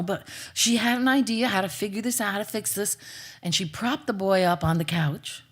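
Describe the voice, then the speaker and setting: A woman storyteller telling a folk tale live, dramatic, with playful asides to the audience. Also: medium pitch.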